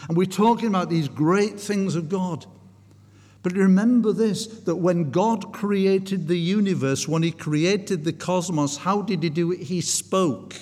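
A man's voice: sits high, unhurried, a little mellow. A man preaching a sermon, telling a story in an earnest way and often restarting his sentences. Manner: earnest storytelling, frequent restarts, rising intensity. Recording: long hall reverb.

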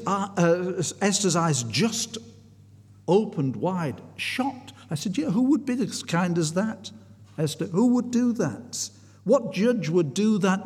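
A man preaches a sermon, telling a story earnestly, often restarting his sentences as his intensity rises. His voice is high-pitched, husky and a little mellow, with long hall reverb around it.

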